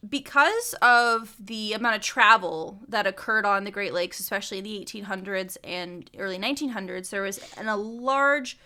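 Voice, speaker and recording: Young woman podcaster, bright tense voice, chatty and laughy, lots of ums. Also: mid-range voice, normal speed, hardly any pauses. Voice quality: chatty, laughing asides, frequent fillers. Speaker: podcast co-host. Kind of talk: casual research podcast chat.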